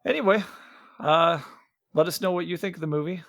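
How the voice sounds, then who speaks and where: A man's voice: on the high side, fairly quick, creaky, dry recording, studio quality. A man from Iowa co-hosting a podcast, chatting casually about a movie with many fillers and restarts. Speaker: podcast co-host.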